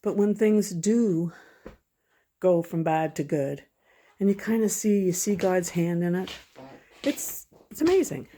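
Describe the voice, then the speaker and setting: A woman's voice: lowish voice, unhurried, mellow. Chatty, rambling woman vlogging at home. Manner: chatty, rambling, frequent self-corrections and laughs. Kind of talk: casual chat to camera.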